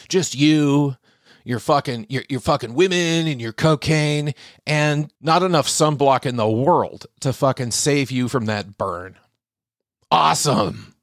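A man's voice: unhurried, no room sound, clean studio sound. An American man delivering a profane, sardonic monologue rant, his voice jumping wildly up and down. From United States. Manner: profane, sardonic, animated rant with big pitch swings. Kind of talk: ranting monologue.

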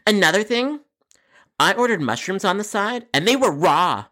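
A woman's voice: medium pitch, animated, normal speed, a bit bright. A woman playing an angry, entitled customer on the phone, complaining in a whiny, indignant way.

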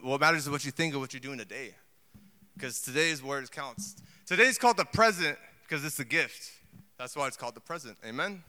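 A man preaching a sermon in a lively, conversational way, full of asides and acted quotes. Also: on the high side, clear, resonant tone. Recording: long hall reverb.

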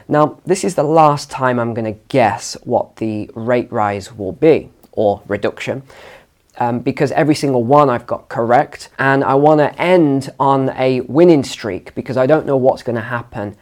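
A man's voice: mid-range voice, a little mellow. A man hosting a finance channel, speaking straight to camera in a confident, emphatic way about economic numbers. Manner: confident, emphatic, lectures on numbers over emotion. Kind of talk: direct-to-camera commentary. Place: home studio.

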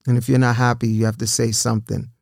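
A man with a gravelly, creaky voice talks in a casual, earnest way, encouraging his listeners. He repeats words as he goes and keeps asking "right?". The sound is dry and close, with almost no room echo. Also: mid-range voice, level tone, fast, darkish tone. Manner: earnest, repeats himself, asks "right?" often.

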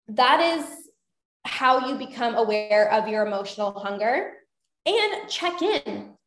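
A woman's voice: on the high side, reverberant. A young adult woman coaching her listeners in a motivational talk, earnest and repeating phrases for emphasis.

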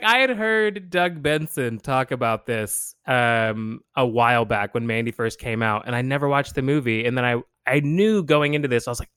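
Male podcast co-host, mid-pitch, animated storyteller, swears a lot, dry close mic. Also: normal speed, hardly any pauses, smooth, no room sound. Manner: animated, laughing storyteller who acts out quotes; swears freely. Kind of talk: casual movie chat.

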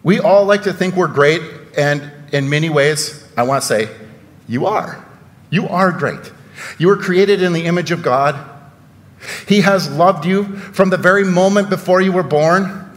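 A man's voice: high-pitched, a bit bright, big-room sound. A man preaching a sermon in a church, conversational and full of rhetorical questions and sarcastic asides. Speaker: pastor.

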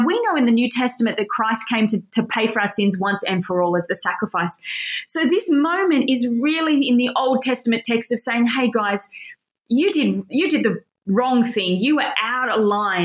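A woman's voice: on the high side, roomy sound. A woman teaching a Bible lesson in a casual, enthusiastic, conversational way, with fillers and restarts.

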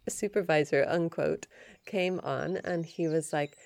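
A woman hosting a yoga and Ayurveda podcast, telling a story in a chatty, animated way. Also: low-pitched, unhurried, gravelly, dry recording, studio quality. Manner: chatty, animated retelling with laughs and restarts.

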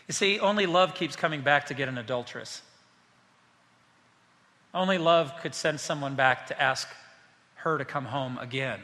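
A man's voice: fairly high pitch, bright, forceful tone, big-room sound. A man preaching a sermon as pastor, speaking passionately and addressing the congregation directly.

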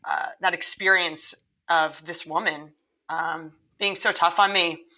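A woman's voice: fairly low pitch, steady tone, unhurried, sharp tone, poor audio. A middle-aged woman, a lacrosse coach, telling her story earnestly in a podcast interview, with frequent restarts.

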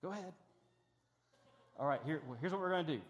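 A man's voice: fairly high pitch, fast. A middle-aged man preaching a sermon in a large church. He talks conversationally, with self-deprecating humor and frequent restarts, while running a demonstration on stage. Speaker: pastor. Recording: long hall reverb.

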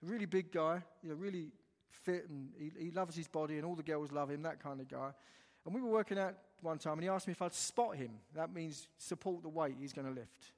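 A man's voice: a little high, a little fast. A man preaching a sermon, telling a story animatedly and retelling the dialogue line by line. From England. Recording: long hall reverb.

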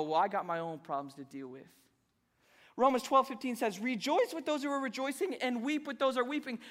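A man's voice: very high voice, pushed and bright, long reverb tail. A young adult man preaching a sermon to a congregation, playful and self-deprecating as he tells stories between his points. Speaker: pastor.

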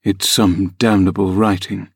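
Brief: man voicing a rough Yorkshire farm lad, gruff growl, storybook reading. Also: sits low, flat delivery, unhurried, no echo, studio quality, full character voice. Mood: surly. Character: rough, surly young farmhand.

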